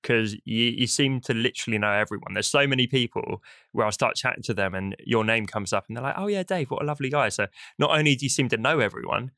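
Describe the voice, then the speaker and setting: A man's voice: mid-range voice, fast talker, pushed and bright, no echo, clean studio sound. A man with a British accent hosting a podcast, upbeat and playful, teasing his guests. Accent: British English. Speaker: podcast host. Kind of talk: upbeat podcast chat with jokes.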